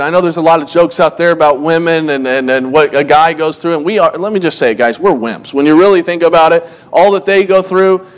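Pastor, male, higher voice, relaxed storytelling sermon, self-deprecating, restarts lines, reads scripture in old-fashioned wording. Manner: storytelling, restarts phrases, self-mocking asides. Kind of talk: conversational sermon.

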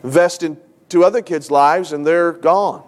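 A man's voice: fairly high pitch, normal speed. A middle-aged man, a pastor, preaching a sermon with earnest, emotional storytelling and repeated phrases for emphasis. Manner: emotional storytelling, tearful at times.

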